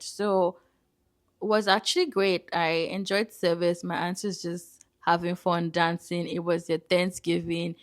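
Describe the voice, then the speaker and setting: A woman from Nigeria, narrating a travel vlog as an animated, chatty storyteller. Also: lowish voice. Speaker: vlogger.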